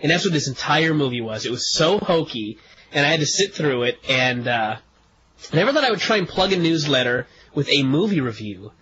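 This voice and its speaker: Congested male co-host, wry and sarcastic, a bit high, dull radio sound with hiss. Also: sing-song, brisk, a bit bright. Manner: dry, sarcastic. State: stuffed-up nose. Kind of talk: casual talk radio chat.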